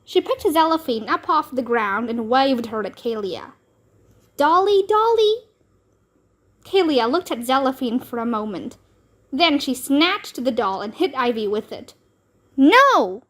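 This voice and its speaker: A woman reading a children's book aloud, narrating in a slow, expressive manner. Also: fairly high pitch. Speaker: storybook reader.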